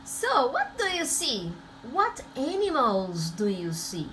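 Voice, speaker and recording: A woman teaching English to young children, talking slowly and imitating animal sounds. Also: high voice, huge pitch swings, over loud music. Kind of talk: online lesson for children.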